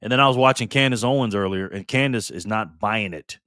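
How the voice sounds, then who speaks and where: A man talks straight to his live stream viewers, calling out names from the chat. His voice sits fairly low and he rambles in a relaxed way with lots of fillers and restarts. The sound is close and dry, with no room echo. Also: brisk, smooth. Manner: greets viewers by name, loose and chatty, many fillers.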